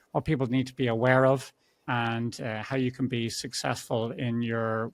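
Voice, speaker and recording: A man's voice: medium pitch, dry recording. A man hosting a podcast interview, talking in a chatty, conversational way. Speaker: podcast host.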